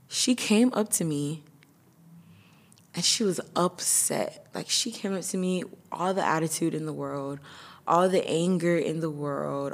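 A young woman hosting a podcast, telling a painful personal story candidly and emotionally, with nervous laughs. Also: low voice. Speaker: podcast host.

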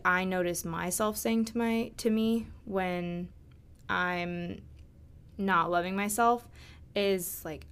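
Young woman podcaster just chatting, lots of "like" and restarts, mid pitch. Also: clean tone. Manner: chatty, many fillers and restarts. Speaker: podcast host. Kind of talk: casual monologue on self-love.

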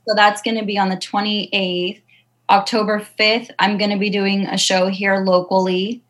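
A woman's voice: mid-range voice, little pitch movement, moderate pace, fairly bright tone, rough recording. A woman comedian answering interview questions in a chatty, self-deprecating way, with many fillers. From Southern California. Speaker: stand-up comedian guest.

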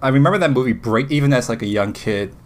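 A man co-hosting a podcast in casual chat. He talks excitably and rambles, with frequent restarts. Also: medium pitch, fast talker, a little hiss or hum. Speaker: podcast co-host.

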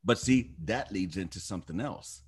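A man's voice: fairly low pitch, lively intonation, moderate pace, a little mellow, breathy edge. Swearing, laid-back man on a podcast. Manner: swears often, calls his friend bro and dude. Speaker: podcast co-host. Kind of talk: casual chat.

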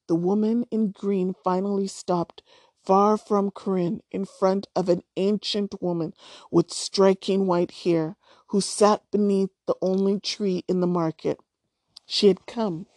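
A woman reads a novel aloud in a calm, unhurried voice of middling pitch. She takes her time over each sentence, and the close, dry recording keeps her words clear. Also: no room sound. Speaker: storyteller.

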